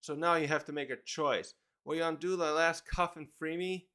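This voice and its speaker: A man's voice: fairly high pitch, fairly even intonation, moderate pace, sharp tone, clean tone. A man reading as a taunting giant villain. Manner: mocking, threatening. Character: scheming male giant villain, taunting captive.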